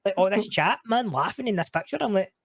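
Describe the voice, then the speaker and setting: A man's voice: high voice, expressive, quick pace, vocal fry, breathy edge, dry recording. A man with a Scottish accent, a guest on a casual chat show, swearing freely and laughing through his stories. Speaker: podcast guest.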